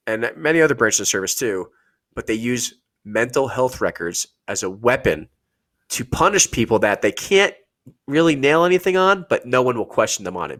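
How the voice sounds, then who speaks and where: A man, a podcast guest, telling casual, profane stories about his military service and acting out the people he quotes. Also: mid-range voice. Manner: profane, animated storytelling with acted-out quotes. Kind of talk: casual storytelling.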